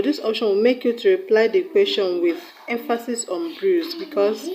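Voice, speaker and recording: A woman's voice: mid-range voice, darkish tone. A woman teaching an online exam-prep English lesson, patiently explaining each step and repeating example sentences. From Nigeria.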